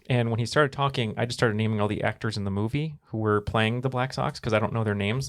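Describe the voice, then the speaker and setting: A man co-hosting a trivia podcast in a studio, bantering with quick playful asides. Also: medium pitch, vocal fry, no room sound. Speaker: trivia podcast co-host and contestant. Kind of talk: jokey casual chat.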